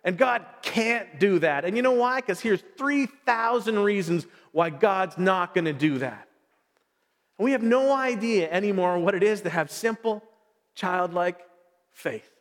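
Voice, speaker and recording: A middle-aged man preaching a sermon, telling stories in an animated way and acting out his son's voice. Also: high-pitched, measured pace. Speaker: pastor. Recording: long hall reverb.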